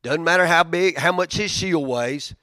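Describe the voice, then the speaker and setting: Pastor with a dry sound. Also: male voice, moderate pace, no room sound. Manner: conversational, storytelling with big swings in loudness and pitch. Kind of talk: sermon.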